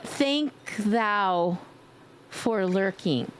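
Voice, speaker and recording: A woman streamer chatting casually with her viewers in a playful way, now and then slipping into squeaky baby talk and screams. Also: expressive, very slow, heavy background noise. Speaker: livestreamer. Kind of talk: casual live-stream chat.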